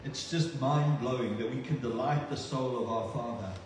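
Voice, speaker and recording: A man's voice: mid-range voice, moderate pace, slight background noise. A man preaching a sermon as a pastor, earnest and repeating words for emphasis. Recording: echoey hall, distant mic.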